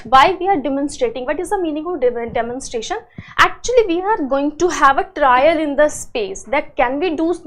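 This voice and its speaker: A woman giving an exam-prep lecture, explaining step by step and asking herself questions, often tagging "right?". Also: sits high. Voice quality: frequent "right?" and "uh" fillers. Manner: explanatory, asks and answers own questions. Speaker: teacher.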